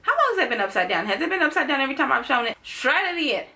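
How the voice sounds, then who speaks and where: A young woman talking casually and playfully to camera in a fan-theory vlog, full of animated asides. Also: high voice, very fast. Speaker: vlogger.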